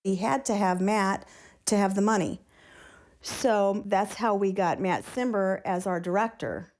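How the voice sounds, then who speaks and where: A woman's voice: medium pitch, unhurried, a little mellow. A woman interviewed for a documentary, explaining events in a matter-of-fact way.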